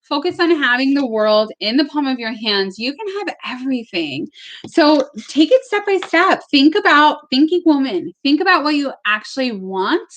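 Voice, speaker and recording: A woman's voice: high-pitched, lively intonation, normal speed, fairly bright tone. Chatty woman giving a live tarot reading. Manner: casual, chatty, emotional, swears. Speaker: tarot reader. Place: home with barking dogs.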